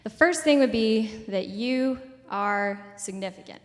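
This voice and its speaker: A woman's voice: mid-range voice, a little slow, big-room sound. A woman in her twenties giving a casual public talk at a community event, full of "like" and "um" fillers. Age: 20s.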